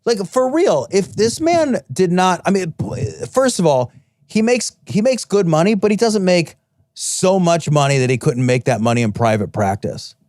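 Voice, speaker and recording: A man's voice: high voice, animated, moderate pace, a little mellow, dry recording, studio quality. A man co-hosting a podcast in a casual, profane, emphatic chat. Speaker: podcast co-host.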